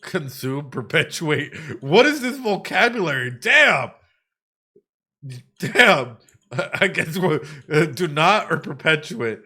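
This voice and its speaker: A man, a psychologist, giving excitable let's play commentary, exclaiming and musing aloud. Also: on the high side, takes it slowly, husky. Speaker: psychologist playing a game on stream.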